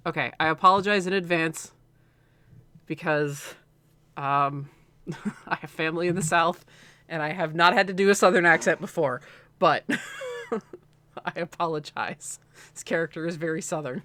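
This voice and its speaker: A woman's voice: low voice, animated, normal speed, long pauses, sharp tone, dry recording. A woman co-hosting a game stream, chatting casually and apologizing with giggles. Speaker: co-host playing a game. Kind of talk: casual gameplay chat and voice acting.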